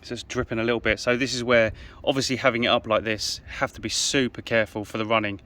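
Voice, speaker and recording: Working on a car outdoors on a windy day, an easygoing British car restoration vlogger gives casual commentary, thinking aloud with fillers. His medium-pitched voice stays level and sounds sharp, and he talks fast.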